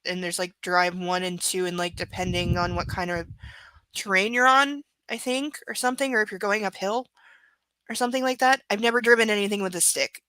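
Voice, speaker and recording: A woman hosting a live book reading stream, chatting casually with her viewers in a halting way, full of fillers and restarts. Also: medium pitch, little pitch movement, bright, forceful tone, no room sound, poor audio. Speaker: livestream host reading a book.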